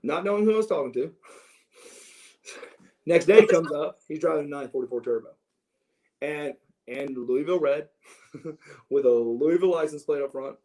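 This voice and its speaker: A middle-aged man telling stories from his youth in a casual interview, animated and prone to restarts as he acts out what others said. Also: a little high, normal speed, pauses often, poor audio. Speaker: interview guest. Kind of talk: casual storytelling.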